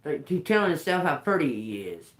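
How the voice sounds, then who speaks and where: A woman's voice: deep voice, big pitch swings, brisk. Chatty, loose-talking woman tarot reader. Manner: loose, chatty, restarts and trails off, swears casually. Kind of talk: casual live stream reading.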